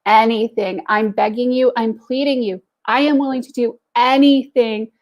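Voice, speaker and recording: A woman's voice: a little high, steady tone, normal speed, darkish tone, lo-fi sound, natural voice. A woman voicing a young female student who begs eagerly for a good grade. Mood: pleading. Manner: begging, eager.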